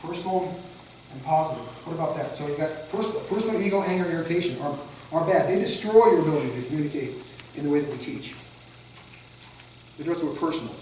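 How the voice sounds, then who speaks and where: Expressive and quick, a man with a voice on the high side and a darkish tone animatedly lectures a de-escalation training class, acting out examples in mocking voices. A faint hiss or hum sits under the distant, echoey recording.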